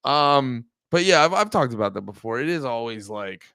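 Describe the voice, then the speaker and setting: A young man, hosting a livestream and rambling through loud, profane casual commentary. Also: medium pitch, animated, moderate pace, clear, resonant tone, dry recording. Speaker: livestream host.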